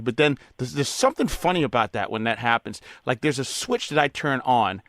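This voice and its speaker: A man's voice: medium pitch, expressive, brisk, hardly any pauses, a bit bright, no room sound, clean studio sound. A man hosting a radio interview, chatting casually and telling stories in a chummy way. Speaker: radio host.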